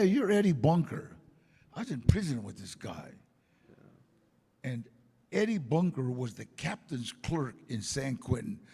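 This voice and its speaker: An older man telling stories in an interview, animated and acting out the voices of people he quotes. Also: mid-range voice, gravelly, breathy edge, in a large hall. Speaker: interview guest. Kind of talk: casual storytelling.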